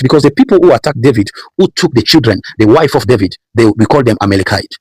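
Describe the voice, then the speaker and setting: A man's voice: medium pitch, very animated, fast, slightly rough, no room sound, poor audio. A man preaching a sermon, repeating phrases and building emphasis as he calls out Bible verses. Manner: preaching with repetition and rising emphasis. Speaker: pastor.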